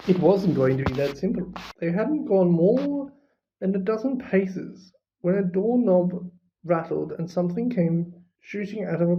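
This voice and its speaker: Brief: slow, deliberate audiobook narrator, mid pitch, muffled home recording. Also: slight background noise. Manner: measured, unhurried reading. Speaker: audiobook reader. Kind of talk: storybook narration.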